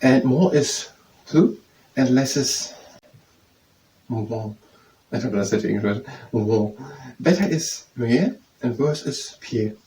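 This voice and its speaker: A man reads aloud from a study text and practices phrases, sounding hesitant and repeating words to get them right. His voice sits mid-pitch. It is captured from a distance in a roomy space with faint background noise. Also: expressive, slow pace, long pauses, mellow. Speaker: self-study video host.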